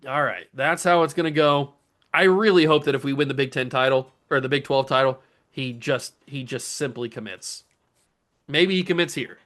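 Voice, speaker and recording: A man's voice: medium pitch, normal speed, a bit bright. A young man hosting a gaming channel, giving casual commentary on a football video game with melodramatic, exasperated rants. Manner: melodramatic, ranting, exasperated outbursts.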